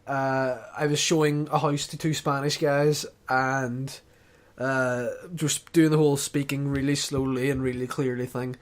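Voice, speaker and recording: A man's voice: mid-range voice, level tone, unhurried. A man from the UK chatting casually on a gaming podcast, hesitant and laughing often. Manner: hesitant, laughing, lots of fillers. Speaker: podcast host. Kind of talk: casual chat.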